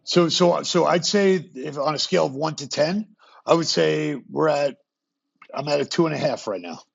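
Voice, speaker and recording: Gravelly slangy podcast host guy, husky, kinda muffled sound. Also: fairly high pitch. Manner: fast, slangy, swears freely. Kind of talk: casual interview chat.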